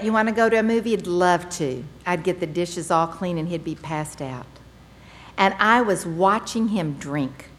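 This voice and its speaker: A woman's voice: fairly low pitch, slight background noise. An older woman giving a candid personal testimony, telling her story with wry humor and acting out the people in it. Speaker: speaker sharing her recovery story.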